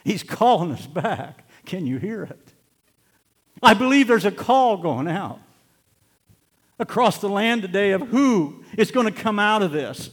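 A man's voice: high voice, expressive, unhurried. Fervent male preacher in a reverberant hall. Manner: fervent preaching, swinging from loud bursts to hushed scripture reading; laughs between lines. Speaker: pastor. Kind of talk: sermon.

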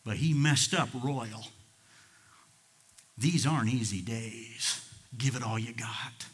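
A man, a pastor, preaching a folksy sermon, telling stories and rising into loud emphatic bursts. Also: medium pitch, slow.

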